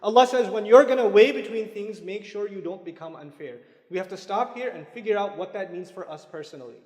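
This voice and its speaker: A man gives a religious lecture in a high voice, speaking casually and conversationally and weaving Arabic terms into his English. His talk rings out with the long reverb of a large hall. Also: a little fast, darkish tone. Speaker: Islamic lecturer.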